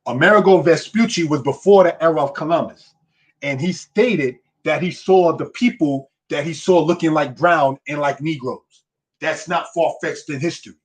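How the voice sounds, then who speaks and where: A man's voice: fairly high pitch, moderate pace, slightly rough. A man teaching a history lesson in an emphatic, preacherly way, often checking in with his listeners. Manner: repeats "you understand?" and "brothers and sisters".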